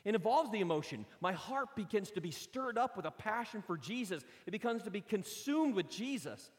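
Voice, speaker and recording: A man preaching a sermon, telling lively personal stories and acting them out. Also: high voice, moderate pace. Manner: animated storytelling, acts out his own stories. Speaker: pastor. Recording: long hall reverb.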